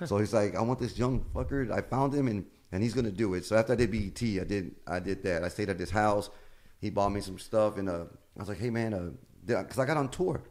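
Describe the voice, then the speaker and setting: A comedian guest tells stories in a casual chat with a fairly low voice, speaking a little fast. He's an animated storyteller who acts out the people he quotes and swears freely.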